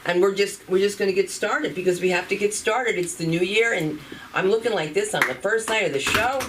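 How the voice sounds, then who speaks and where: A woman's voice: mid-range voice, brisk. A woman hosting a live comedy show, talking in a brash, playful way with cursing. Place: comedy venue. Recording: distant mic with noticeable room noise.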